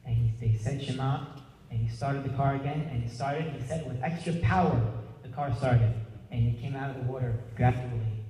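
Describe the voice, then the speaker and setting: Young man, earnest eulogy delivery, mellow tone, heard from a distance in a large room with long reverb. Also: medium pitch, moderate pace. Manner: earnest, heartfelt, clears throat often. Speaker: grandson giving a eulogy. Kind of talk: memorial speech. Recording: echoey hall from far off, faint hiss.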